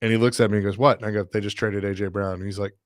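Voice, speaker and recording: A man's voice: fairly low pitch, very fast, dry recording. Male sports radio host, dry studio sound. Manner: storytelling, animated retelling with laughs. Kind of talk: casual sports talk.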